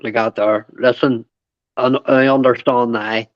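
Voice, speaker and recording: A man's voice: medium pitch, fairly even intonation, a little slow, dry recording, highs cut off. A man in casual chat on a live panel, apologetic and repeating himself, with some swearing. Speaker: panel guest.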